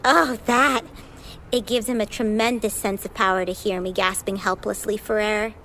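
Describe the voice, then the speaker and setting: A woman's voice: mid-range voice, fairly even intonation, normal speed, a bit bright, a little hiss or hum, close to an everyday voice. An actress playing a dramatic, theatrical woman in a stormy marriage, breezy and unbothered, with wry asides. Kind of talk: theatrical stage acting.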